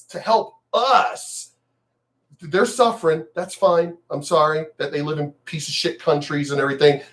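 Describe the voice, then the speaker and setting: A man in a profane, mocking political rant, repeating himself and shouting mock cheers. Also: a little high. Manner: angry, profane, repetitive, mocking. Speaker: video commentator.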